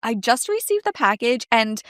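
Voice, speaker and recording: A woman's voice: on the high side, sing-song, normal speed, fairly bright tone, dry recording. A woman hosting a casual interview, asking questions and encouraging her guest. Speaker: podcast host.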